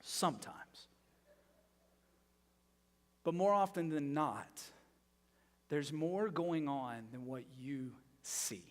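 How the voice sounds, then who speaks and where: Male pastor, high-pitched, emphatic preaching with loud and hushed passages, recorded in a reverberant church hall. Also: lively intonation, takes it slowly, long pauses. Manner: emphatic, rhetorical questions, shifts from loud to hushed. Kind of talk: sermon. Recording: long reverb of a large hall.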